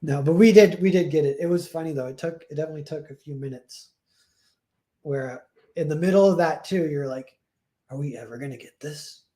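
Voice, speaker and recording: A man's voice: fairly high pitch, a little fast, warm tone, roomy sound. A young man chatting casually on a livestream, rambling and self-deprecating, acting out quoted dialogue as he tells stories. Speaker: streamer and comic artist.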